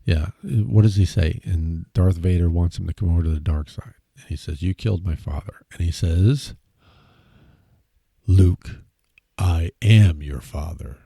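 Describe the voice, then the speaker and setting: A man's voice: deep voice, moderate pace, vocal fry, few pauses, warm tone, slightly rough, no echo, clean studio sound. A man hosting a podcast, rambling casually through a musing monologue full of fillers and asides. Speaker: podcast host.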